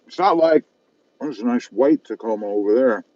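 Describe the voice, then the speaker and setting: A man's voice: mid-range voice, animated, normal speed, warm tone, dull audio. Chatty man live-streaming his lunch. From South Texas. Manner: chatty, self-mocking, reads viewer comments aloud. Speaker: car channel host reading live chat. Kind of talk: casual live-stream chat while eating. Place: parked car at a fast-food restaurant.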